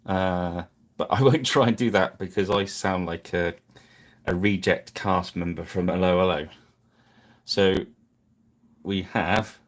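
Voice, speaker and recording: A man with a low, deep voice talks slowly and easily at his hobby desk during a live painting stream. His chat is casual and apologetic, and he pokes fun at himself as he goes. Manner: chatty and apologetic, self-deprecating.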